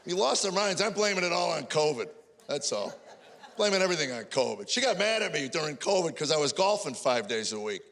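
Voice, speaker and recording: A man in his sixties performing a fast stand-up routine, telling stories and acting out his wife's lines. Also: on the high side, sing-song, vocal fry, fairly bright tone. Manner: rapid-fire storytelling, mimics wife in dialogue. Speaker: stand-up comedian. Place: comedy stage before a live audience. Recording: crowd laughter and faint noise.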